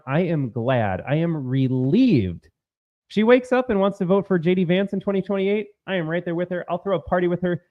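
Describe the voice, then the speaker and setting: Mocking American man, lively pitch. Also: no room sound, dull audio. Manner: mocking, sarcastic, heated. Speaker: political commentary host. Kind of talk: commentary on clips.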